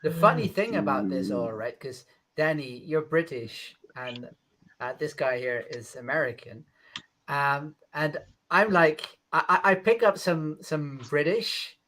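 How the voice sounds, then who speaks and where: A Dutch man speaking English in a casual online chat, eager and quick to jump in, often restarting his sentences. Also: on the high side, expressive, bright, forceful tone, a little hiss or hum. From Netherlands.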